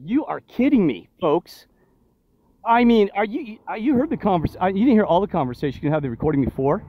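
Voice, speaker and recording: A man's voice: high-pitched, sing-song, fairly quick, no room sound. A man vlogging outdoors near a road, indignant and preachy, firing off rhetorical questions. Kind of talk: agitated street vlog monologue. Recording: dull lo-fi phone audio, faint traffic.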